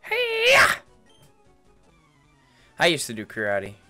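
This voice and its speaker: A man's voice: fairly low pitch, moderate pace, a bit bright, soft background music. A man giving casual game commentary as a let's player, rambling and playful, repeating words, on a headset mic.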